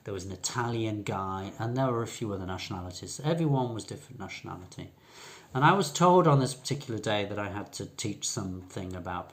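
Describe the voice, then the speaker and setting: An older English man with a British accent, an English teacher telling a story in a chatty, rambling way. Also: on the low side. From England. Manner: chatty, rambling, with fillers and restarts. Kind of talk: casual storytelling lesson.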